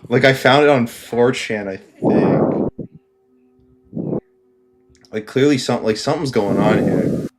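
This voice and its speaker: A man's voice: mid-range voice, takes it slowly, pauses often, loud music behind the voice. A man chatting on a podcast in a mid-range voice, rambling through a stream of fillers. He swears freely and keeps breaking into laughs, loose and unscripted. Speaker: podcast co-host. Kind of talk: casual chat.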